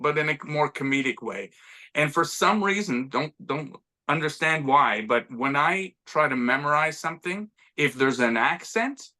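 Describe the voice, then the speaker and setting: Bright-voiced chatty man. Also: medium pitch. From Montreal, Canada. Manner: chatty, self-deprecating, many restarts. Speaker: actor and interview guest. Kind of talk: casual interview conversation.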